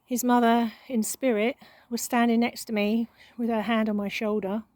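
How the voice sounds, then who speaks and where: A woman giving an emotional spiritual monologue, halting and repeating words, with frequent sighs. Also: on the high side, little pitch movement, a little mellow, no room sound, rough recording. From England. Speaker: spiritual channel.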